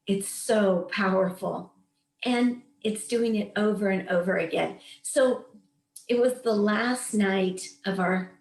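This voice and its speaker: A woman's voice: medium pitch, reverberant. A woman in her late fifties, a wellness coach telling a personal story in an earnest, emphatic, inspirational way before leading a meditation. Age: 50s. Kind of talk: heartfelt storytelling and coaching talk.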